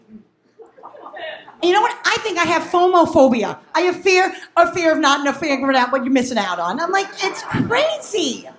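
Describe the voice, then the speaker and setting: Loud potty-mouthed new lady doing stand-up, swoopy high voice, roomy sound. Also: big pitch swings, moderate pace. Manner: brash, profane, acts out family dialogue. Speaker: stand-up comedian. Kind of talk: stand-up comedy set. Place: comedy club. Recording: echoey club room.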